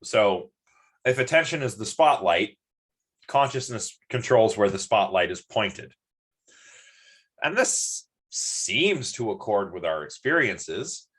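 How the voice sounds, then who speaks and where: A man's voice: on the low side, sing-song, takes it slowly, a bit bright, breathy edge. A man giving a live-streamed lecture, chatty and rambling, with many ums and restarts.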